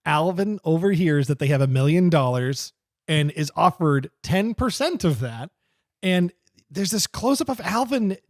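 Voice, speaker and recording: A man co-hosting a casual podcast, excitable and quick to laugh. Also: on the high side, no echo, studio quality. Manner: excitable, fast, laughs a lot. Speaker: podcast co-host. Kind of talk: casual chat.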